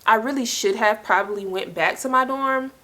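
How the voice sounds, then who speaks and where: Speaking at a moderate pace in a slightly high voice, this young South Carolina vlogger shares a personal storytime with her audience. She's casual and lively, leaning on slang and fillers such as "like" and "y'all."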